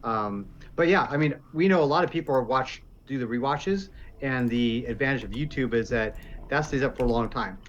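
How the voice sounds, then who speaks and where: A man's voice: medium pitch, a little fast, highs cut off, slight background noise. A man co-hosting a tabletop game stream, talking in a rambling, hesitant way. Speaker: player and co-host.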